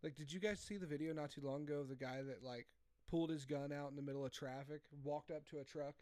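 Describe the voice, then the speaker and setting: A man co-hosting a podcast, relaxed, recounting a story step by step. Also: on the high side, fast talker, no room sound. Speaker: podcast co-host. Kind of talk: casual chat.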